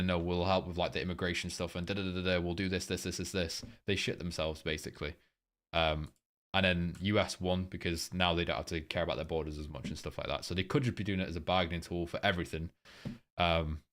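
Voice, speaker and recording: This trading livestream host is a young man whose low voice carries a slight brightness. He runs a casual live market breakdown, wandering from point to point, cursing freely, and padding pauses with ums as he reads chat.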